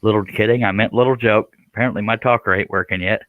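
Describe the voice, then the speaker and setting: A low-pitched man chats casually while he hosts a live stream, trading folksy jokes with his panel. The sound is dull and dry, like a modest mic close up in a small space. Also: fairly even intonation, fast, no room sound. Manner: joking, folksy banter. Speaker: live stream host, woodworker.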